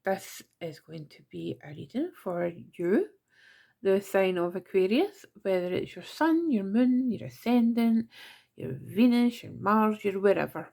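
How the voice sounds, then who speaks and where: A woman's voice: mid-range voice, expressive, unhurried, gravelly, dark tone. A Scottish woman giving a casual monthly tarot reading, chatty and self-mocking with giggly asides. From Scotland. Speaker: tarot reader.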